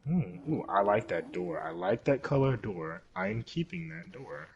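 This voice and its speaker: Excitable young man streaming a game. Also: fairly low pitch, unhurried, highs cut off, slight background noise. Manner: excitable, yelps and swears at the game. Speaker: gaming streamer. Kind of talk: live gameplay commentary.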